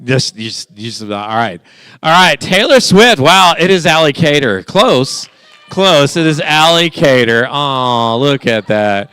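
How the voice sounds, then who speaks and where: Man, youth leader, playful game host, smooth voice, dry sound. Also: a little high, pushed and bright, no room sound. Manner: playful, teasing, quick back-and-forth with the group. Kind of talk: casual game hosting. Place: church youth room.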